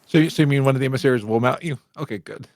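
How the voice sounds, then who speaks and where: A man's voice: medium pitch, darkish tone, dry recording. A man co-hosting a casual gaming podcast, chiming in with playful jokes. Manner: playful, quick jokey interjections. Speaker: podcast co-host.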